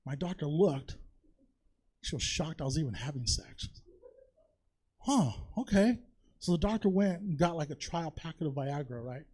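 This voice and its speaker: A man's voice: fairly high pitch, lively intonation, moderate pace, a little mellow, breathy edge. A man doing a chatty, confessional stand-up set on a comedy theater stage, tossing in "you know?" and "right?" all the time.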